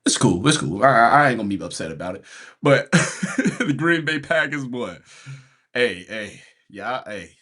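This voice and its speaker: A man hosts a casual sports rant, his pitch swinging widely as he goes from exasperation to laughter. His voice is husky and his speech slangy and loose. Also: animated, a little slow, a bit bright. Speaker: podcast host.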